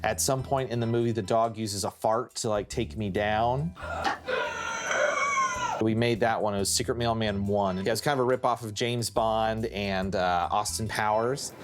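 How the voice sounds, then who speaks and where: A man's voice: fairly low pitch, fairly even intonation, moderate pace, music in the background. A young man speaking in a mockumentary-style interview, rambling and playful in a boyish way.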